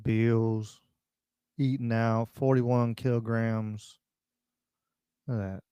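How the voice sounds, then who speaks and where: A man's voice: mid-range voice, little pitch movement, takes it slowly, clear, resonant tone, no echo, lo-fi sound. A man hosting a casual livestream talk show, blunt and rambling as he reacts to viewer comments. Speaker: podcast host.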